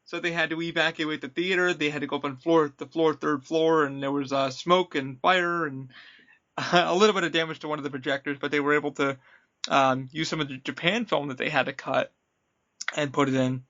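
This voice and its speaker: A man's voice: fairly high pitch, fairly quick, highs cut off. A man hosting a podcast, chatting casually and telling stories with acted-out quotes. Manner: animated storyteller acting out quotes. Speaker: podcast host, former attraction worker. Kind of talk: casual chat, storytelling.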